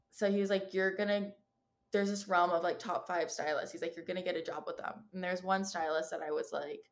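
A woman in her twenties with a somewhat low voice talks through her own stories as a podcast guest. She speaks casually and candidly, acting out what people said to her, and swears freely. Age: 20s. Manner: candid storytelling, acts out quoted dialogue, swears freely. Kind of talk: casual chat.

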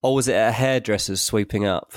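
A man's voice: lowish voice, fast talker, no room sound. A young British man co-hosting a podcast, telling self-mocking stories in a chatty, matey way. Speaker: podcast co-host. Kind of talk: casual chat.

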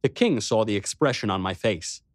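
A man reading a first-person adventure story aloud with expressive storytelling. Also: fairly low pitch, moderate pace, no room sound, studio quality. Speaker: narrator. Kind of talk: first-person audiobook narration.

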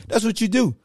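A man hosting a podcast, breaking down football technique in a casual, animated, slangy coaching manner. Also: medium pitch, gravelly, dry recording, studio quality. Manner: slangy, conversational. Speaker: podcast host.

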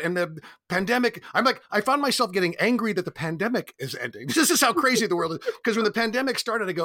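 A man's voice: sits high, quick pace, dry recording, studio quality. An older man, a comedian, telling stories in casual conversation and acting out voices as he goes. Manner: animated, acts out voices in his stories. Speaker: comedian guest. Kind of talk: casual storytelling chat.

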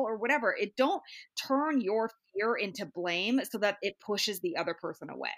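Female co-host, casual talker, bright dry voice, peppers speech with "like". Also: mid-range voice, animated, a little fast, no echo. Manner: chatty, lots of "like" fillers. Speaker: podcast co-host. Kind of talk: casual chat.

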